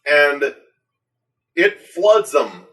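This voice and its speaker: A man's voice: fairly high pitch, big pitch swings, extremely slow, pushed and bright. A man in casual chat, telling a story wryly with clipped punchlines. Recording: voice from a distance from the mic.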